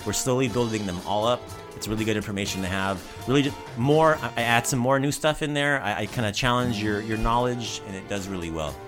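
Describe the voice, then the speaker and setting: Low-ish guy hosting a podcast, joking around and plugging stuff, music going behind. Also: brisk. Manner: upbeat, jokey, rambling plugs. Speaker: podcast host. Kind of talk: casual podcast banter.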